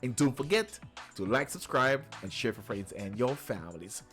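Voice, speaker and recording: A man's voice: medium pitch, lively intonation, normal speed, a bit bright, faint music behind. A man hosting a reaction video, chatting casually and affirming often as he watches. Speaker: reaction channel host.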